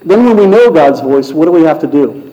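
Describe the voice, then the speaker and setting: A pastor giving a sermon, retelling a story in a conversational way. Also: male voice, fairly high pitch, lively intonation, a little fast, warm tone. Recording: muffled lo-fi sound.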